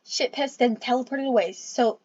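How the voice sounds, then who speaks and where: A woman's voice: fairly high pitch, normal speed, darkish tone, dry recording. A young woman reading a silly fan story aloud for laughs, with sarcastic asides at the text. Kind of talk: comedic dramatic reading with asides. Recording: dull, dry lo-fi recording.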